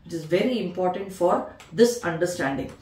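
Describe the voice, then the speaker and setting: A woman's voice: on the low side, fairly quick, a little mellow, reverberant, recorded from a distance. A woman teaching veena in a patient tutorial, counting beats and naming the notes one by one. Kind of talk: music tutorial explanation.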